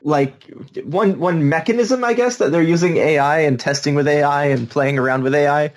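A man co-hosting a podcast in casual chat, animated and teasing, talking in quick bursts. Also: a little high. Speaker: podcast co-host.

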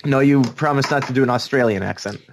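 A man co-hosting a podcast in casual chat, animated and teasing, talking in quick bursts. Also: medium pitch, background noise. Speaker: podcast co-host.

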